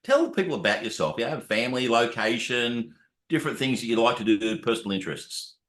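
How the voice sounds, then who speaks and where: A man's voice: medium pitch, expressive, brisk, a bit bright, roomy sound. A man hosting a casual interview, chatty and matey, calling his guest "mate". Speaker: podcast host.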